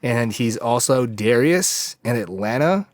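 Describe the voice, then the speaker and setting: A man's voice: medium pitch, expressive, unhurried, no room sound, clean studio sound. A man from Southern California in casual podcast chat, laid-back and enthusiastic, calling people dude and bro.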